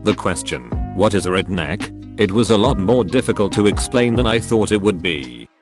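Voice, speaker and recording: A man reading short online stories aloud as a steady, unhurried scripted narration. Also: fairly low pitch. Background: soft background music.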